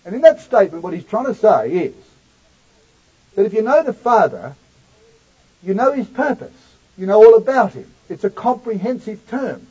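A man preaching a sermon in a high voice, turning suddenly from loud, ringing declamation to hushed, intimate asides. The recording is dull and lo-fi, with the top end muffled. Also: big pitch swings, normal speed, husky.

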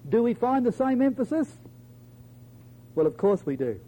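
A man preaching a sermon to his congregation, emphatic, quoting scripture in old-fashioned wording and dropping softly at the ends of phrases. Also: big pitch swings, moderate pace, low-quality recording. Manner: emphatic, addresses listeners as brethren and sisters; drops to a soft low voice at the ends of phrases.

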